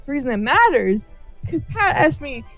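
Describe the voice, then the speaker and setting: A woman's voice: high voice, moderate pace, faint music behind. A woman in her twenties co-hosting a gaming chat, telling a work story full of swearing and acted-out voices. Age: 20s. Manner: profane, animated, acts out quoted voices. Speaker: gaming channel co-host.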